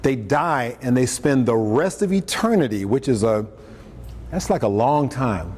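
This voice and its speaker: A man's voice: mid-range voice, animated, measured pace, a little mellow, slightly rough. A man preaching on scripture in a conversational way, with joking asides and acted-out quotes. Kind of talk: lunchtime talk on scripture. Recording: echoey hall, faint room noise, mic at a distance.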